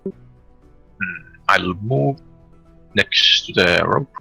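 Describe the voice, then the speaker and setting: A man playing a tabletop game, speaking haltingly with many pauses. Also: low voice, lively intonation, vocal fry, sharp tone, husky, no room sound, faint music behind, low-quality recording. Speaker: player. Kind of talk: casual tabletop game play.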